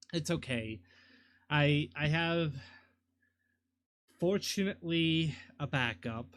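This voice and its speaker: A man's voice: a little high, slow, pauses often, fairly bright tone. A man streaming live, casually muttering to himself and apologizing, self-deprecating as he works on a 3D model.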